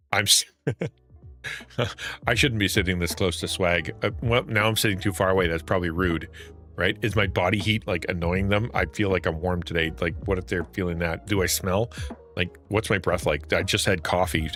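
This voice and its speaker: A middle-aged man streaming, talking casually and acting out anxious thoughts with frequent laughs. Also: lowish voice. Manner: animated, acts out anxious inner thoughts, laughs often. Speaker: streamer and Christian content creator. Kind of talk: casual livestream talk.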